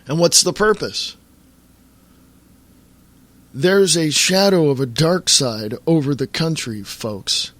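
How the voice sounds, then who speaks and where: A man's voice: a little high, measured pace, a bit bright, dry recording. Fiery ranting male podcast host. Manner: fiery, ranting, addresses listeners as folks. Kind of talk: political monologue. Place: Reno, Nevada area.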